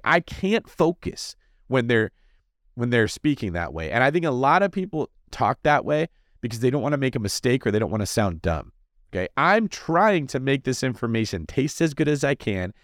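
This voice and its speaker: Animated man hosting a podcast. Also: mid-range voice, a little fast, dry recording, clean studio sound. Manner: animated, jokey, fidgety delivery. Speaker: podcast host. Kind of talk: energetic casual monologue.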